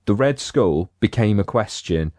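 Male podcaster, lowish voice, animated and digressive, dead-dry mic. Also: measured pace, dry recording. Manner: enthusiastic, rambling, acts out quotes. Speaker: podcast panelist. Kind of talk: casual film discussion.

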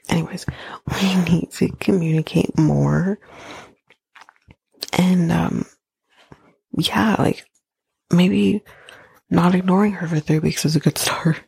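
A woman hosting a podcast, recapping a reality show in a blunt, sarcastic, swearing way, often slipping into a breathy near-whisper. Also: lowish voice, fairly even intonation, measured pace, long pauses, darkish tone, no echo. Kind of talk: casual recap monologue.

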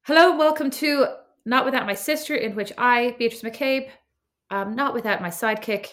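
A woman's voice: a little high, fairly bright tone. Chatty woman co-hosting a podcast. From Ireland. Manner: chatty, wry, quick to laugh, swears freely. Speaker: podcast co-host. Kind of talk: casual chat. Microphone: remote recording call.

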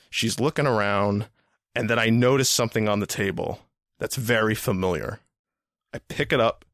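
A man's voice: medium pitch, a bit bright, dry recording, studio quality. A man hosting a podcast, telling a story in a rambling, casual way, repeating words and swearing now and then. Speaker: podcast host.

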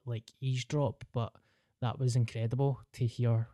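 A man's voice: medium pitch, level tone, normal speed, dark tone, no echo, studio quality. A young man with a Glaswegian accent, co-hosting a podcast and telling a story in casual chat, swearing freely and laughing through it. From Scotland. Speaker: podcast host.

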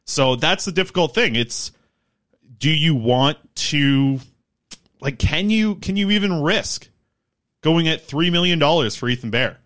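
A man's voice: a little high, lively intonation, unhurried, a bit bright. A man co-hosting a casual sports podcast, working through stats and contract numbers. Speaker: podcast co-host.

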